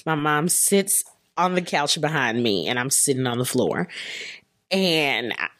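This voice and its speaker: A woman's voice: sits low, measured pace. A young woman from Texas, a podcast guest telling candid personal stories in casual chat, often laughing as she talks. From Texas, US South. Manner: candid, animated, laughs through her stories.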